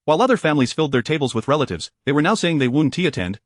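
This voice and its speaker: Guy narrating a story quick, steady even reading, dry close sound. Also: on the high side, no echo.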